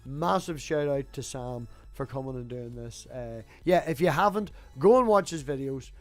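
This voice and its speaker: A man's voice: mid-range voice, lively intonation, normal speed. Chatty man hosting, faint music. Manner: blunt, swears casually, chatty. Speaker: podcast host. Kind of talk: casual chat.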